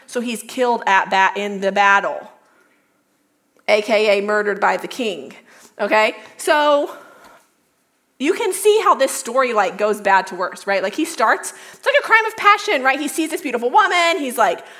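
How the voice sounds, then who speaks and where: A woman's voice: a little high, lively intonation, moderate pace, fairly bright tone. A young woman retells a Bible story to a youth group in loose, conversational speech. She is full of "like" and catches herself mid-sentence. Her voice sits a little above average. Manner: chatty, lots of "like", self-correcting. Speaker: youth speaker.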